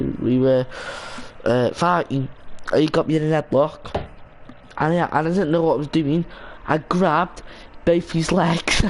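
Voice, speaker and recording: A young man chats idly while streaming a game, drifting between half-finished thoughts and restarting his sentences. His voice sits a little high for a man. A faint hiss runs under the desk-mic sound. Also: poor audio. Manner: rambling, many restarts and fillers. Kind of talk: casual gaming stream chat.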